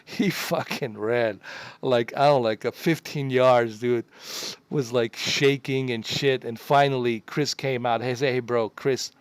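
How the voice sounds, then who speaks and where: A man's voice: medium pitch, fairly even intonation, measured pace, clear, resonant tone, no echo. A middle-aged man casually telling a story to his viewers, profane and rambling, repeating himself for emphasis.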